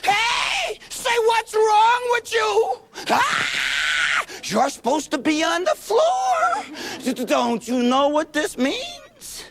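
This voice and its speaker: A man voicing a panicked two-year-old boy who shouts and cries in a very high voice. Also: huge pitch swings, takes it slowly, a crowd in the background, exaggerated voice. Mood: frantic. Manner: high, crying, frantic shouts.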